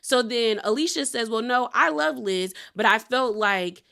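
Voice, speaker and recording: A woman's voice: fairly high pitch, unhurried, vocal fry, bright, forceful tone. A woman casually recapping a reality show episode, animatedly retelling who said what and laughing often.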